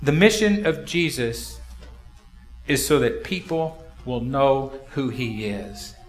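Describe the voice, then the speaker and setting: An expressive man with a medium-pitched voice preaches slowly in an echoey church sanctuary. As a pastor giving a sermon, he keeps it conversational and keeps asking his congregation rhetorical questions.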